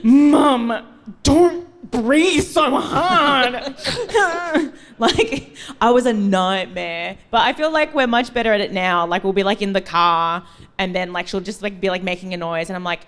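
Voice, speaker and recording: A woman's voice: mid-range voice, a little fast, fairly bright tone, clear, resonant tone. A woman with an Australian accent, a guest on a live podcast, telling self-mocking stories with lots of giggles. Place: Melbourne theatre stage.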